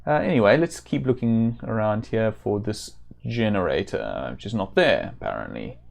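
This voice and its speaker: A man's voice: fairly low pitch, very animated, moderate pace, gravelly, darkish tone. A man giving chatty, casual commentary while streaming a game, with self-deprecating asides.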